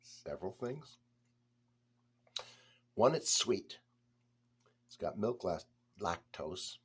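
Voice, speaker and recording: Man, beer reviewer on a casual vlog: low, husky voice, chatty, blunt, talks straight to camera. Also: expressive, slow.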